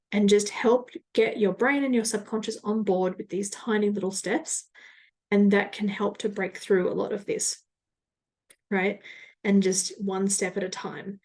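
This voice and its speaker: A woman's voice: medium pitch, fairly even intonation, measured pace, a little mellow. Woman podcast host, solo monologue, chatty and self-reflective. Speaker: podcast host and business coach.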